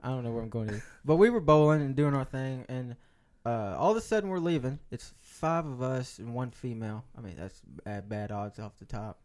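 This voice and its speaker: A man's voice: mid-range voice, fairly quick, hardly any pauses, a little mellow. A young man telling a rambling story in a casual podcast chat, laughing and acting out the voices of other people.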